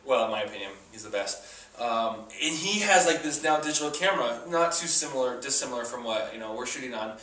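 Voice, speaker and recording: A man's voice: mid-range voice, expressive, fast talker, pushed and bright. A man co-hosting a casual chat show, telling long stories full of fillers. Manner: rambling, filler-heavy storytelling. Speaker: podcast co-host. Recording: echoey room, mic at a distance.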